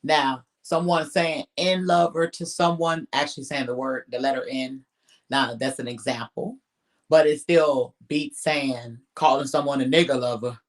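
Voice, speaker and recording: A man's voice: mid-range voice, steady tone, a little slow. Blunt, profane man on a live stream. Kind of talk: casual live-stream commentary.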